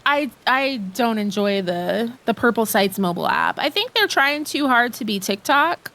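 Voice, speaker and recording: A woman's voice: on the high side, lively intonation, normal speed, fairly bright tone. A woman streaming a game live, chatting with viewers in a gushing, giggly, rambling way into a desk mic.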